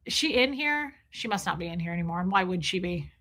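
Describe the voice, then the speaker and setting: A woman's voice: lowish voice, expressive, fast talker, sharp tone. A woman live streaming in casual chat, gushing and rambling as she answers viewers' comments. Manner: gushing, enthusiastic, rambling with restarts.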